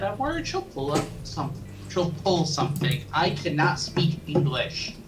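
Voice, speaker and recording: Low-voiced woman heard from a distance. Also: sing-song, measured pace. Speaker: let's play co-host and narrator. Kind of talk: casual gaming chat and reading game text. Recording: distant mic with background noise.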